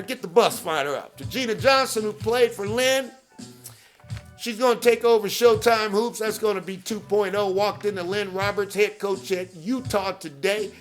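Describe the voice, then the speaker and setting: Guy hosting a podcast, high voice, hypes it up, keeps saying okay, shouts out names. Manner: hype-driven, repeats catchphrases, peppers with "okay?"; shouts out people by name. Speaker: podcast host. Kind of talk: promotional monologue.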